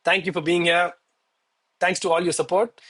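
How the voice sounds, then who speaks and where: A young man streaming live from home on a headset mic, hyped and out of breath after exercise, talking excitedly to his chat. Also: high-pitched, moderate pace. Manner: hyped, exclaiming, addresses chat as bro.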